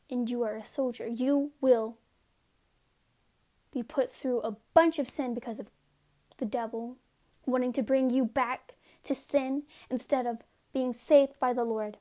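A woman with a high voice gives a casual devotional talk at an unhurried pace. She reads scripture aloud earnestly and keeps stepping out of the text for informal asides to her listeners. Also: warm tone. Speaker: devotional speaker.

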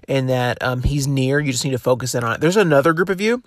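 A man's voice: medium pitch, quick pace, hardly any pauses, no room sound, clean studio sound. A young man hosting a devotional podcast, talking in a casual, encouraging way with plenty of fillers and restarts. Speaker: podcast host.

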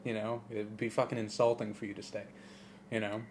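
A man co-hosting a podcast, telling movie stories in a profane, rambling, animated way. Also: fairly low pitch, fairly quick, slight background noise. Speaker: podcast co-host. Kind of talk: casual chat.

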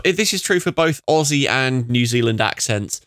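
A British man with a bright, lively tone chats through lore, jumping in with quick interjections. The recording is dry and close-miked. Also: medium pitch, no room sound. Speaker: podcast co-host. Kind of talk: casual lore discussion.

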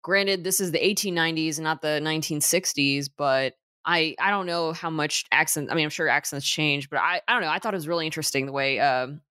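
A woman's voice: low voice, fairly quick, hardly any pauses, bright, forceful tone, no room sound, clean studio sound. A woman co-hosting a casual movie podcast, chatty, with lots of fillers and restarts. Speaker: podcast co-host.

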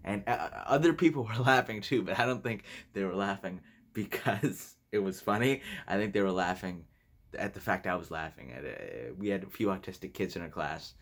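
A man's voice: deep voice, moderate pace, fairly bright tone. Blunt young man rambling on a podcast. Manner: blunt, rambling, crude and flippant, laughs often. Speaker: podcast host. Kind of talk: casual solo podcast monologue.

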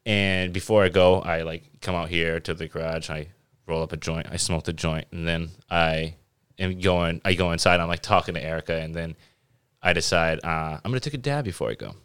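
A man with a very low, smooth voice tells a long, easygoing story on a podcast. He swears casually and keeps a relaxed, rambling flow. The sound is dry and close. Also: brisk, no room sound. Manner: laid-back storyteller, swears freely. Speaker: podcast host. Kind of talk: casual chat.

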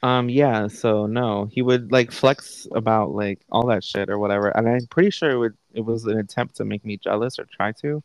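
With few pauses and a moderate pace, a young man on the low side of pitch recounts a conversation on his home podcast, tossing in candid, crude remarks. The low-quality recording comes from a live online call setup and has no echo.

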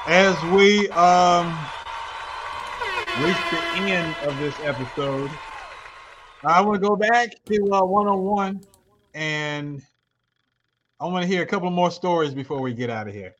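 A man's voice: on the high side, unhurried, pauses often, noisy background. A man hosting a talk show, hyping up his guest and rallying the audience. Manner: hype-style, rallies the audience. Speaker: host.

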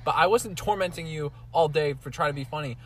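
A man's voice: on the high side, fast talker, fairly bright tone. A young man co-hosting a casual podcast in a car, hesitant and defensive, with many fillers. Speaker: podcast co-host. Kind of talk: casual chat. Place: in a parked car.

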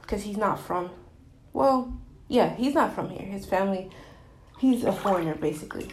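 A woman's voice: mid-range voice, a little mellow, roomy sound, a little hiss or hum. A woman in her twenties telling a candid personal story, rambling with many fillers and restarts.

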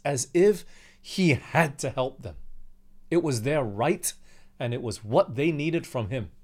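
A young Australian pastor with a medium-pitched, darkish voice leads a Bible study in a conversational sermon style. He often asks his listeners questions and acts out what people said.

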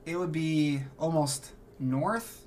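A man narrating as game master, laying out scenes in a relaxed, descriptive voice. He restarts phrases as he thinks aloud. A faint hiss of ambience sits under his voice. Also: a little high, takes it slowly.

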